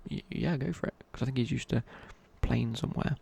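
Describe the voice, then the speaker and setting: A man's voice: medium pitch, a little fast, vocal fry, a little mellow, slight background noise. A young man telling a rambling casual story in a whispered ASMR chat. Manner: rambling, casual, many fillers and restarts. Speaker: ASMR creator.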